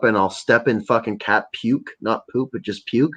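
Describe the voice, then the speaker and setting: Young man, casual profane rambling, mid pitch, dull low-fi stream audio. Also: moderate pace, a bit bright. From Canada. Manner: rambling, profane, jokey storytelling. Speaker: livestream host. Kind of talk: casual livestream chat.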